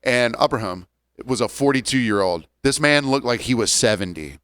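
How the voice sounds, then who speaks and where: Smooth-voiced man in his forties, ranting. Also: medium pitch, animated, a bit bright, no echo, studio quality. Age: 40s. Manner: joking, ranting, drawn-out storytelling. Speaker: podcast co-host. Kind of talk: casual chat.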